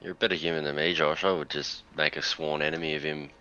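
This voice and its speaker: A man's voice: extremely low pitch, little pitch movement, quick pace, bright, forceful tone, clean tone. A man in a gaming voice chat, blunt and teasing, heard through dull voice-chat audio. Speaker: friend in voice chat.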